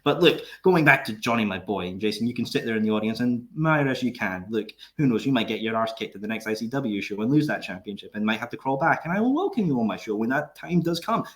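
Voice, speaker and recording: A man's voice: medium pitch, lively intonation, fast, fairly bright tone. A man hosting a podcast over a video call, joking and trying to keep the peace. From Scotland. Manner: joking, laid-back, tries to keep the peace. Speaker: podcast host. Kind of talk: casual interview chat.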